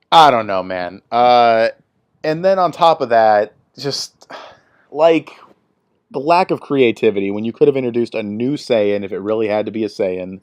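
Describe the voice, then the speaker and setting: A young man hosting his own video, giving a blunt, swearing opinion rant in a casual way. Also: fairly low pitch. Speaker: video host.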